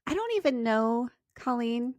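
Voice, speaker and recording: A woman's voice: fairly high pitch, expressive, unhurried, darkish tone, no echo. A woman hosting a podcast, chatting and telling a story with laughter. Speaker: podcast host. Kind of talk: casual interview chat.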